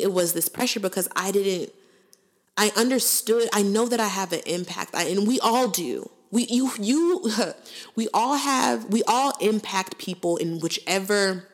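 A woman in her twenties hosting a faith podcast, talking in an earnest, conversational way with preacherly asides. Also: mid-range voice. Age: 20s. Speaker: podcast host. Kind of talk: faith-based podcast monologue.

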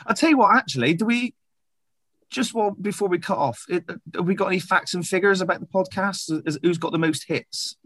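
A man, hosting a podcast in a relaxed, rambling chat. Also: high voice, brisk, dry recording. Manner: laid-back, rambling, wrapping up the episode. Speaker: podcast host.

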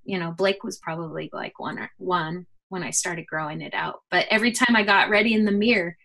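A middle-aged woman, a guest, telling a personal faith story in an earnest, animated way with many fillers. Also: fairly low pitch, a little fast, vocal fry. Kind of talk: personal testimony in a conversation.

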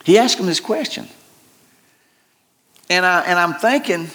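Male pastor, middle-aged, slightly high voice, folksy and rambling sermon delivery. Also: expressive, a little slow, pauses often, bright, forceful tone. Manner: folksy and joking, rambling with many restarts.

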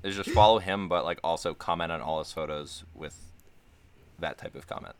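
A young man co-hosting a casual podcast, joking in a goofy, dry way with drawn-out phrasing. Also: low-pitched, clean tone. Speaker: podcast co-host.

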